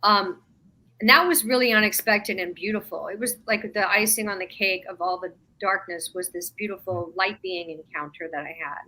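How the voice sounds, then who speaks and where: A middle-aged woman, a podcast guest, recounting an experience in animated, emotional storytelling with quoted dialogue. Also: mid-range voice, normal speed. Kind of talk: conversational storytelling.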